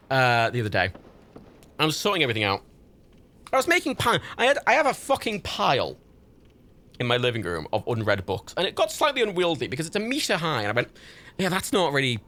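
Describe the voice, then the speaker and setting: A man rambling through a casual livestream chat, full of swearing and laughter. His voice leaps wildly in pitch and has a gravelly texture. It also carries a bright, tense edge. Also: slight background noise.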